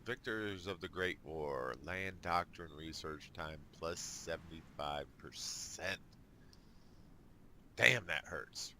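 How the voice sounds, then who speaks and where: Low-voiced guy doing a chill let's play, talks slow and thinks out loud, bit of a sharp tone. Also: slight background noise. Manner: casual, thinking aloud, dry jokes. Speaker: gamer.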